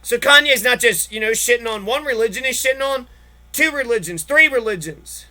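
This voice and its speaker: A man with a strikingly high voice and a piercing, sharp edge, ranting about politics as a podcast host. He swears constantly and sounds exasperated, piling one profane jab on the next. Every line comes out hard-edged and cutting. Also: animated, a little fast.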